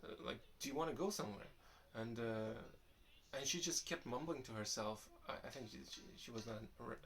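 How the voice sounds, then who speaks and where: Over a noisy background, a young man with a lowish voice answers viewer questions for his vlog. He's relaxed and candid, rambling along and frequently starting his sentences over.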